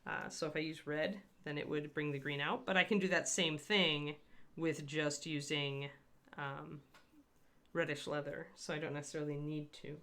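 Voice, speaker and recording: Low, gravelly-voiced woman demonstrating painting. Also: steady tone, normal speed, a bit bright. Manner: chatty and rambling, answers live chat by name. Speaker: miniature painter hosting a livestream.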